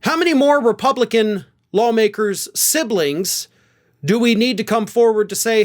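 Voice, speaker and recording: A man from the American South hosting political commentary, sarcastic and animated, with lots of rhetorical questions. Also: extremely high pitch, moderate pace.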